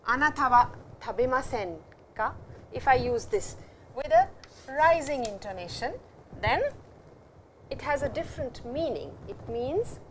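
A woman with a somewhat high voice teaches a class in an explanatory lecture style. She says example sentences slowly and repeats them, with a faint hum of noise behind her. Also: lively intonation. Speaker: language teacher.

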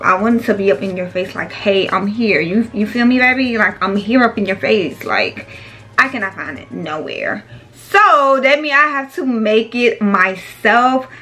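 A woman's voice: fairly high pitch, sharp tone. A woman running a small business, chatting casually to her viewers, calling them "y'all" and "baby". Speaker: small business owner and vlogger.

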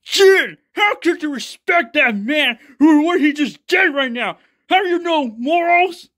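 A man voicing a pompous old grandfather who scolds and shouts. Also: extremely high pitch, lively intonation, a little slow, voice pushed up, exaggerated voice. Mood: indignant. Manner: loud, scolding, indignant.

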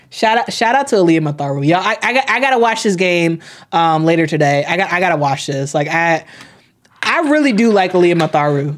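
A woman's voice: lowish voice, expressive, normal speed. A young woman hosting a sports live stream, chatting casually, reading chat comments aloud, often repeating herself with plenty of fillers.

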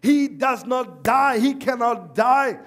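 A man's voice: very high voice, slow pace, a bit bright, pitched above the performer's own voice, full character voice. A man voicing an earnest preacher who keeps arguing with his crying wife. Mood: preaching. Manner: preachy, exasperated. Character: earnest male preacher, puzzled husband.

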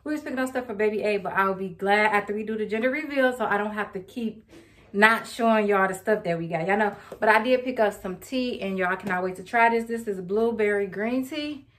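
A woman's voice: mid-range voice, fairly quick, a bit bright. A young woman, rambling casually to her viewers and calling them y'all. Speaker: vlogger. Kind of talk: casual chat to camera.

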